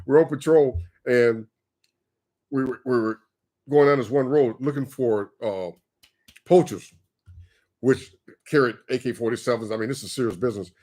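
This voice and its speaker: A man co-hosting a livestream, telling a story in a casual, animated way and acting out the quotes as he goes. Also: mid-range voice, moderate pace, pauses often. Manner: animated, acts out quoted voices with laughs. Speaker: co-host.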